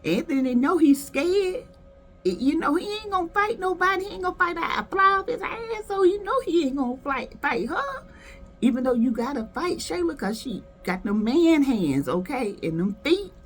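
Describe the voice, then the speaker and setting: A woman's voice: high-pitched, lively intonation, moderate pace, faint music behind. A woman from South Carolina giving sassy, gossipy commentary, reviewing skits with dramatic asides. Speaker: video reviewer. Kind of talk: casual commentary.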